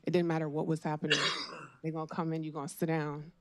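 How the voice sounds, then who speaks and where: A woman's voice: low voice, little pitch movement, quick pace. A woman speaking on a conference panel, earnest and conversational with informal phrasing.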